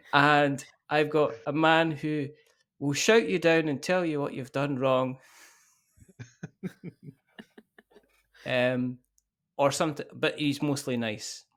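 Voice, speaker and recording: A man hosting a podcast, signing off in a casual, jokey way, teasing his guests and chuckling often. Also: mid-range voice. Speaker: podcast host.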